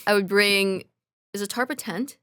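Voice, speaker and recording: A woman's voice: medium pitch, normal speed, bright, forceful tone, smooth, dry recording, studio quality. A woman co-hosting a podcast in casual chat, blunt and incredulous, joking and swearing casually. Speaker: podcast co-host.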